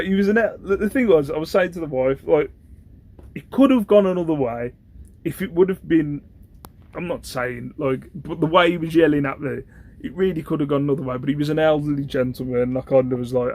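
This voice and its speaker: A young British man with a voice pitched a little above the usual chats away in a loose, rambling manner. He keeps circling back with "you know what I mean" as he tells his story. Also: normal speed, a little mellow. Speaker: host, online reseller. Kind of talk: casual storytelling chat.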